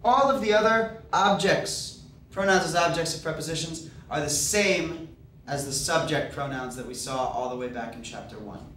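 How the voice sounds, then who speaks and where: A man's voice: fairly high pitch, moderate pace, a bit bright. A man teaching a Spanish grammar lesson, explaining step by step with patient fillers. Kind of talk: recorded classroom lecture. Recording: echoey room, voice far from mic, faint hiss.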